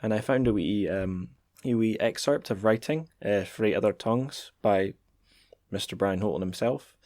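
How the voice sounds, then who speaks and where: A man's voice: sits low, a little mellow, no room sound, studio quality. A man hosting a podcast in a chatty way, stumbling and restarting as he reads passages aloud. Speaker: podcast host. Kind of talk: casual podcast talk and reading aloud.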